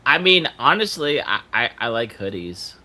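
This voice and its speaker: A man's voice: mid-range voice, very animated, normal speed, sharp tone. A man on a livestream panel, hesitant, stammering over his opening words. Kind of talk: casual group livestream chat.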